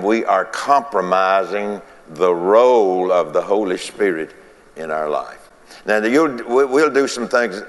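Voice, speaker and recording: A man's voice: fairly low pitch, a bit bright, in a large hall. A man preaching a folksy sermon, repeating phrases and chuckling between points.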